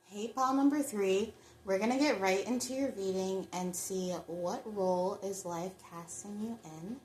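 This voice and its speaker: A woman's voice: medium pitch, normal speed, a little mellow, a little hiss or hum. Chatty woman reading tarot, echoey room. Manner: chatty, reflective, addresses viewers directly. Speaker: tarot reader. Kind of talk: pick-a-card tarot reading.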